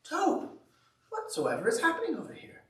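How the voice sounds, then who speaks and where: A man voicing an upbeat, optimistic male frog in an English accent for a children's story, bright and encouraging. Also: high-pitched, huge pitch swings, normal speed, voice pushed up. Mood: scolding. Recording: echoey hall from far off.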